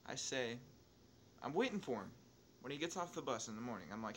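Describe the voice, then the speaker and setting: A young man tells a story in a loose, rambling way, swearing almost every sentence and stopping to correct himself. His voice sits at an ordinary pitch and jumps in loudness when he gets excited. Faint noise hums underneath. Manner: profane, rambling, restarts and asides; excitable, quick swings in loudness. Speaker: YouTuber telling a story. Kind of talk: casual storytelling over gameplay.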